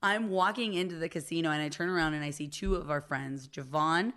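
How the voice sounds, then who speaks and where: A woman in her thirties with a low-pitched voice talks fairly quickly as co-host of a podcast. In a casual chat she tells stories animatedly, acting out the voices of the people in them and laughing often.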